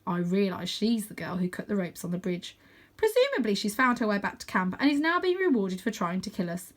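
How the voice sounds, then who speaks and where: A woman reading a children's novel aloud, with calm, steady first-person narration. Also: medium pitch, a little fast. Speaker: storybook reader.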